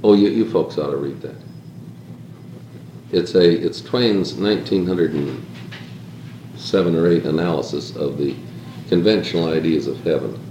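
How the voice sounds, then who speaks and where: A man with a very low voice leads an informal group talk, reflective and rambling, building his points through repetition. He is recorded in an echoey room with faint background hiss. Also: moderate pace, long pauses, mellow. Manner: reflective, rambling, repeats "consider" for emphasis.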